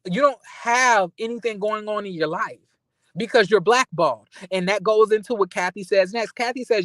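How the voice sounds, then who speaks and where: A high-pitched man recaps a reality TV reunion casually at normal speed, with no echo. He's animated, blunt and slangy, swearing freely and addressing the cast directly.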